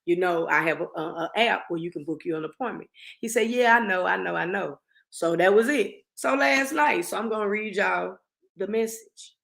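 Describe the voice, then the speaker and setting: A woman barber tells a story to her vlog audience in a casual, chatty way. She reads messages aloud flatly, then reacts with exasperated, rising disbelief. Her voice sits at an ordinary middle pitch. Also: normal speed, vocal fry. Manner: animated and exasperated, talking straight to viewers. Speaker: barber telling a client story.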